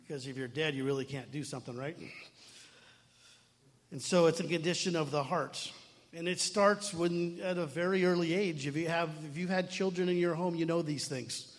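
A middle-aged man preaches in a relaxed, talky way, doubling back on his words and tossing in asides to the congregation. His voice sits a little high for a man and rings with the long reverb of a large hall. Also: normal speed. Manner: conversational preaching with frequent asides and restarts. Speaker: pastor. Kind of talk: sermon.

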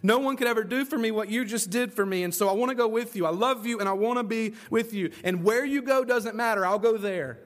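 A man's voice: sits high, quick pace, hardly any pauses, pitched above the performer's own voice, close to an everyday voice. A man voicing a grateful freed young man pleading. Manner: earnest, pleading, heartfelt.

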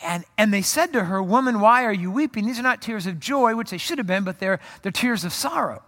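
A male pastor with a high, bright voice preaches a sermon. He tells the story in a lively way and throws in joking asides. His voice rings out in a long hall reverb. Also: brisk.

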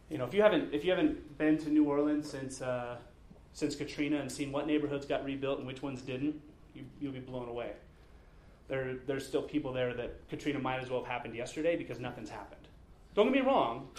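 A man, probably in his thirties, preaching a sermon in a relaxed storytelling way, earnest with touches of humor. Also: a little high, slight background noise. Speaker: pastor. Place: church sanctuary. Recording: echoey church sanctuary.

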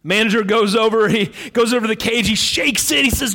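A man pastor preaching a sermon in a relaxed, storytelling way with frequent fillers. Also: high voice, a little fast, big-room sound.

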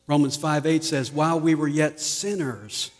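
A man preaching a sermon as pastor, slow and deliberate, often letting his voice fall soft at the ends of lines. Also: a little high, steady tone. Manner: slow, deliberate preaching with dramatic drops in volume. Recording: long reverb of a large hall.

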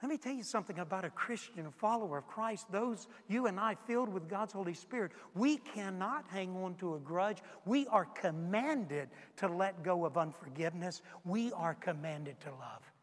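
A pastor with a high voice preaches to his congregation at a moderate pace with few pauses, driving his point home through repeated rhetorical questions. The church sanctuary gives the recording the long reverb of a large hall.

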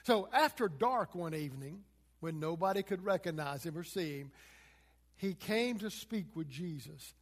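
A man's voice: fairly high pitch, expressive, moderate pace, big-room sound. A man preaching a sermon, walking through scripture verse by verse and retelling it in plain, everyday words.

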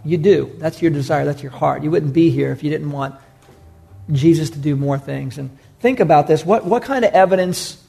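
A man's voice: on the high side, creaky, dark tone. A man preaching a sermon as pastor, earnest, repeating key phrases and putting questions to his congregation.

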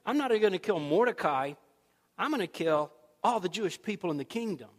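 An arrogant, full-of-himself royal adviser speaks in a cold, persuasive tone, as a male preacher puts him on. The voice sits fairly high for a man. It rings with the long reverb of a large hall. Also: expressive, brisk. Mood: scheming.

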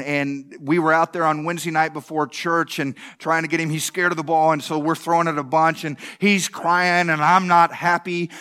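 Male pastor, 30s, high voice, folksy preaching full of rhetorical questions. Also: bright, forceful tone, clear, resonant tone. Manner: conversational, repeats "can I tell you", restarts. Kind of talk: sermon.

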